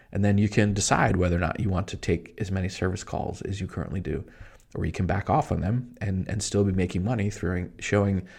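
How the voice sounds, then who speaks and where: A middle-aged man hosting a solo podcast, talking to listeners in an excited, emphatic, fast-paced way. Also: low voice, vocal fry, husky. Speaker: podcast host. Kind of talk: solo motivational podcast monologue.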